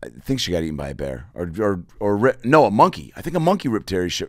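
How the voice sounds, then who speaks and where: A man hosting a comedy podcast, telling crude stories in an animated, rambling monologue full of tangents. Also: fairly low pitch, fast, no echo, studio quality.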